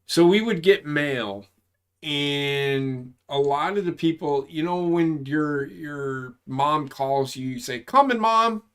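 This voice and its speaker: A man's voice: a little high, slow, clear, resonant tone. A man in his forties, an army veteran, telling service stories in a casual chat, swearing often and rambling through his tales. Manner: profane, rambling, animated when telling stories.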